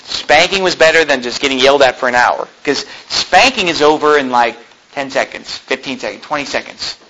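A man preaching a sermon in a folksy, animated way, with asides and humor. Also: medium pitch, fairly quick, a little hiss or hum, poor audio. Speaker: pastor.

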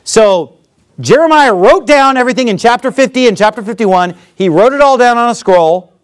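High-voiced man preaching a sermon. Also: animated, moderate pace, clean tone. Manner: explains scripture verse by verse, acts out asides. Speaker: pastor.

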